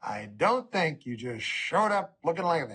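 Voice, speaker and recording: A middle-aged man doing a stand-up comedy routine, rambling with a deadpan delivery. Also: a little high, a little slow, husky.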